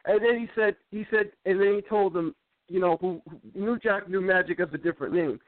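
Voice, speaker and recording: High-voiced man rambling over a tinny line. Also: fairly quick, dry recording. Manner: rambling, stammering restarts and repeated words. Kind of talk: casual chat. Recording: tinny phone-like line, dry.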